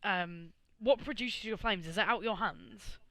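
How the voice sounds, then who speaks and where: A man's voice: high voice, measured pace, pushed and bright, no room sound. A man running a tabletop game as game master over a video call, casual and full of fillers.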